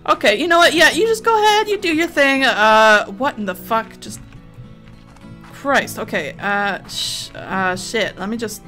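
Woman let's player, higher voice, loud cursing and scolding commentary over game music. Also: measured pace. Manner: excitable, heavily profane, scolding game creatures. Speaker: let's play gamer. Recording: game music playing underneath.

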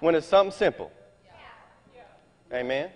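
High-voiced folksy preacher man in an echoing hall. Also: normal speed. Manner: folksy, animated preaching with scripture reading. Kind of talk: sermon. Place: church meeting hall.

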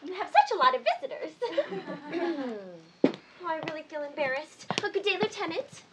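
Woman as giggly flustered young woman, very high lively voice, noisy. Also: normal speed. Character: awkward giggly young female guest. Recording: noisy background.

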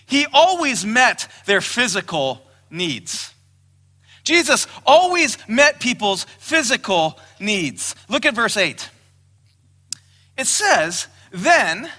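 A man's voice: high-pitched, bright, forceful tone. A man preaching a sermon as pastor, emphatic, raising his voice when he quotes scripture. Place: church hall. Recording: long hall reverb.

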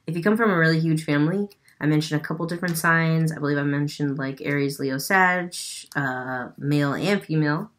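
A woman giving a casual tarot reading with an unusual accent, chatty and loose, swearing now and then. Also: deep voice. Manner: chatty, swears, laughs at herself. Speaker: tarot reader.

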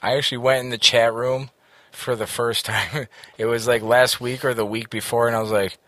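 A young man trading crude jokes on a podcast in a flat, halting delivery, stumbling and repeating words. His voice is bright and a bit forceful, pitched in the middle. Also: no room sound, studio quality. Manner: deadpan, halting, stutters. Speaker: podcast co-host. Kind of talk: crude casual banter.

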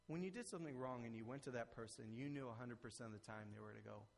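A man preaching a sermon as pastor, earnest and conversational, rising to emphatic peaks and then dropping soft. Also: medium pitch, animated, fast talker, creaky, few pauses. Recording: long reverb of a church hall.

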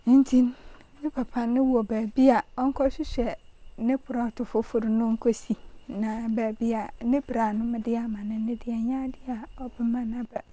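A woman answering interview questions outdoors in a soft, hesitant way. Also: on the high side, flat delivery, measured pace. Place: outdoors in a forest.

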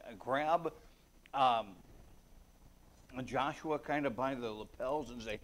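Male preacher, unhurried sermon delivery, conversational and earnest with sudden emphatic bursts, mid-pitched voice. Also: a bit bright. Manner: reads scripture aloud in King James wording.

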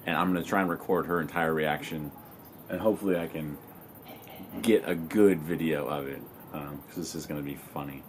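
A young man talking casually to his camera in a relaxed, slangy way, swearing now and then. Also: rumbling low, fairly quick, slight background noise. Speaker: vlogger. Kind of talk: casual vlog talk to camera.

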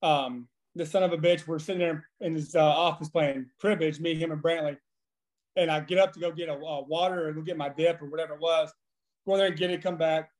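A man in his thirties, a former pitcher guest on a podcast, telling profane, animated stories with frequent laughing. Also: brisk. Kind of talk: casual storytelling.

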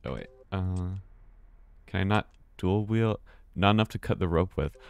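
Low-voiced American man streaming a game. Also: moderate pace, gravelly, clear, resonant tone, no room sound. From United States. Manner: chatty, restarts words, swears casually. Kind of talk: live gameplay commentary.

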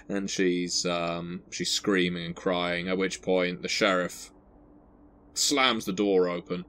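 A man narrating a tabletop horror game as game master, in a deliberate, atmospheric way. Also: low-pitched, fairly even intonation, fairly bright tone.

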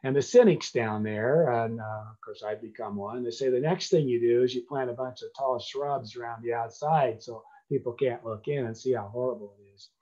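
A man's voice: medium pitch, normal speed, hardly any pauses, dark tone, muffled recording. Older man giving a plainspoken talk. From United States. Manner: conversational, plainspoken, earnest, with frequent restarts. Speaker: conservation speaker. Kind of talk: lecture to a club.

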